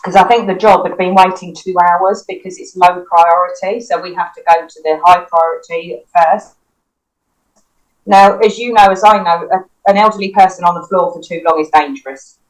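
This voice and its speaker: A woman's voice: lowish voice, fairly even intonation, normal speed, poor audio. A woman, a paramedic, recounting a personal experience in an interview with vivid, emotional retelling and quoted dialogue. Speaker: paramedic guest. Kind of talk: personal storytelling in a podcast interview.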